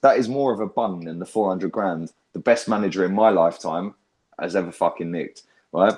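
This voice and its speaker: A young man, talking in a lowish voice. He hosts a fan chat and rants loudly with heavy swearing. His speech is animated, with frequent tag questions thrown in. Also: a little fast. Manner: loud, sweary, animated ranting. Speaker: fan channel host. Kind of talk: heated casual fan chat.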